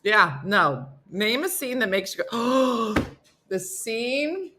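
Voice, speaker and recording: A middle-aged woman hosts a casual morning live stream, speaking slowly in a slightly high, animated, sharp voice over slight background noise. Chatty and jokey, she reads out viewer comments and talks to both her dogs and the commenters.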